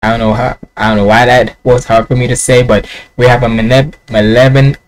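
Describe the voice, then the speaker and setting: A man's voice: medium pitch, level tone, brisk, a little hiss or hum, rough recording. A man with a Jamaican accent hosting a casual music reaction video, rambling and musing aloud.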